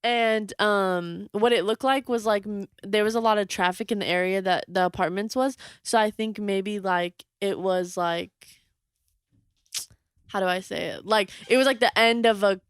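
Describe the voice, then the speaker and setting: A woman co-host chatting casually, often pausing and searching for words with many fillers. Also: medium pitch, steady tone, clear, resonant tone, dry recording, clean studio sound. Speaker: podcast co-host. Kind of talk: casual chat.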